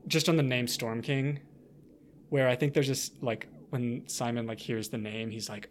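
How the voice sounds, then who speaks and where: A man in casual podcast conversation about a book, voice sitting at an ordinary middle pitch. He rambles, restarts his sentences and trails into fillers, bursting into sudden animated stretches as he works out his point. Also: moderate pace, slight background noise. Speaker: podcast co-host.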